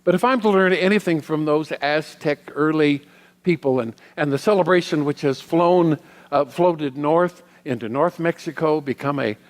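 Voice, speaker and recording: A middle-aged man giving a sermon as a guest minister. He tells personal stories in a reflective way, with pauses. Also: a little high. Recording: long hall reverb.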